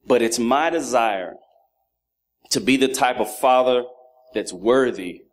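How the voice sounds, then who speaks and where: A man in his thirties speaks slowly with medium pitch, preaching a sermon that mixes humor about his sons with lessons on fatherhood. He's animated, taking on the voices of his children.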